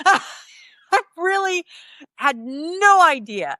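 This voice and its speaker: A woman in her fifties talks as an interview guest, her voice bright and clear. She rambles through candid stories and acts out the dialogue with lively energy. The recording is close and dry. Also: high voice, a little slow, no room sound. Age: 50s. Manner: rambling, animated, acts out quoted dialogue with laughs.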